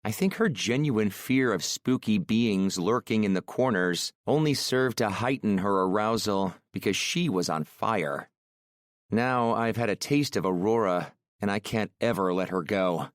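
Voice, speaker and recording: A man narrating a first-person romance audiobook in a calm, measured, brooding way on a close studio mic. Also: fairly low pitch, no echo.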